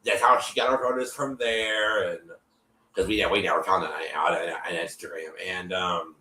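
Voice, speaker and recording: A man hosting a show, recapping an episode in casual chat, animated and full of fillers, with a cough. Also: deep voice, moderate pace, reverberant, slight background noise, low-quality recording. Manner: animated, lots of fillers and repeats, acts out quotes.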